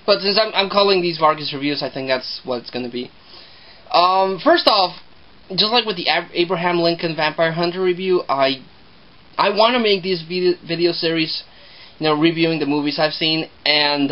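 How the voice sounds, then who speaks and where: A man's voice: on the high side, dull audio. A man talking through a movie review in a casual, rambling way, often repeating himself.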